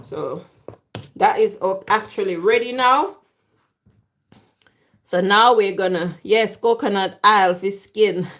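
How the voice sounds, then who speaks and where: A woman from London cooks in her home kitchen on a chatty live stream, talking slowly and playfully teasing her audience. Her mid-range voice is a bit bright, and a camera on a tripod picks her up.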